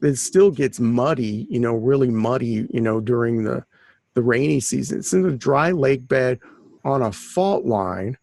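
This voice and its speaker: A man with a gravelly, fry-tinged voice tells stories in a loose, rambling way, often restarting his sentences. He sounds like a relaxed interview guest. The recording is dry and close, with no room sound. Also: medium pitch, a little slow, no echo. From Southern California. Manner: rambling, chatty storyteller with frequent restarts. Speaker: author and guest. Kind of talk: casual conversational interview.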